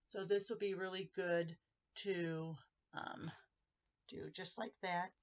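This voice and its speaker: A woman's voice: fairly low pitch, steady tone, takes it slowly, dull audio. A woman hosting a casual crafting tutorial, chatting as she walks viewers through each step of a handmade card.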